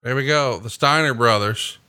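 A man's voice: medium pitch, moderate pace, bright, forceful tone, smooth, dry recording, clean studio sound. A man hosting a podcast, casually chatting and playfully ribbing his co-host while watching wrestling.

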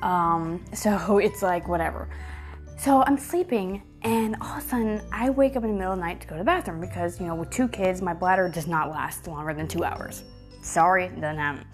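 A woman in her thirties telling a story to her viewers in a chatty, animated way, full of fillers and swearing. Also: on the low side, fairly quick, soft background music. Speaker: vlogger. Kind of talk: casual storytelling to camera.

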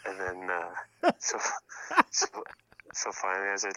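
A man on a phone call recounts a story with plenty of swearing and laughter. His voice is bright and lively, and the sound is dry and close. He talks in an easy, rambling way. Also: low-pitched, slow pace, no room sound. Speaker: caller. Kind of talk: casual phone chat.

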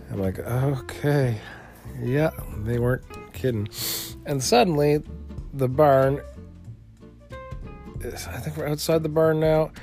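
This deep, darkish male voice belongs to the host of a laid-back solo podcast. He wanders from point to point, cursing liberally and often beginning his sentences again.

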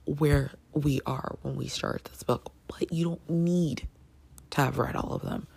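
A woman chatting casually as she reviews a book, gushing with lots of fillers and sudden excited jumps in pitch. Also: a little slow, vocal fry, husky.

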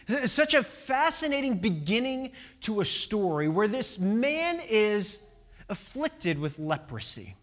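Lively, animated preacher. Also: mid-range voice, measured pace. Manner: animated, rhetorical questions, drops to whispers for emphasis. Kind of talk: conversational sermon.

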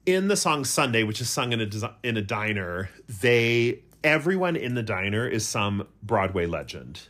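A man's voice: fairly low pitch, sing-song, moderate pace, a bit bright. A middle-aged man co-hosting a podcast, telling a rambling, self-mocking story in casual chat. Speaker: podcast co-host.

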